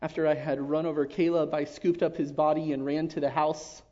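A man giving an emotional personal testimony to his church, earnest and halting, often dropping to a hush. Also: fairly high pitch, level tone. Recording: dull lo-fi recording.

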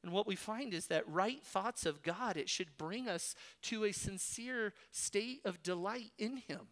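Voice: mid-range voice, a little slow, a bit bright. A preacher giving an expository sermon in an emphatic, exhorting way, with rhetorical questions.

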